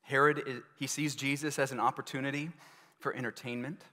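A man preaches a sermon in an earnest, searching manner and keeps turning to his listeners with questions. His voice sits at a middle pitch. It rings out with a long reverb through a large hall. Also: little pitch movement, a little fast, sharp tone. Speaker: pastor.

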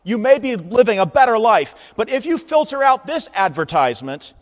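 Man, pastor, sermon, very lively pitch, shouts out calls, church reverb. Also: moderate pace. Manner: animated, shouting out heralding calls. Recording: long reverb of a large hall.

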